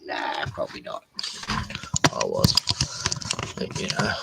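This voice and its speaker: A man's voice: rumbling low, huge pitch swings, slow pace, vocal fry, background noise. A drunk man, rambling, swearing and laughing as he chats to his dogs on a live stream from inside a caravan. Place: small caravan indoors.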